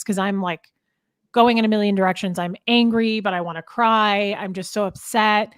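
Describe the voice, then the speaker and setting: Woman host, heartfelt, emphatic, restarts, dry close sound, medium pitch. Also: steady tone, moderate pace, smooth, dry recording. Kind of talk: emotional casual chat.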